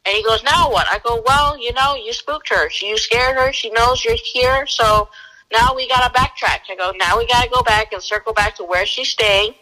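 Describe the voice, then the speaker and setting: In a fairly high voice, this female fugitive recovery agent relates an anecdote with casual animation, acting out the exchanges in rapid bursts. The recording quality is low.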